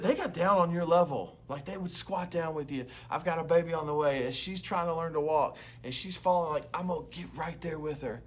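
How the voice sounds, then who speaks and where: Earnest young pastor talking to youth. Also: male voice, a little high. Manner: earnest and conversational, with quick acted-out voices. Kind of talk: devotional youth sermon.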